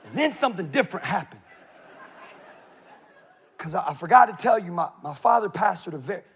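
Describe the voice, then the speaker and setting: High-voiced animated male preacher. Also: vocal fry, husky. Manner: animated, acts out voices in his stories. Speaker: pastor. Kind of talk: sermon with comic storytelling.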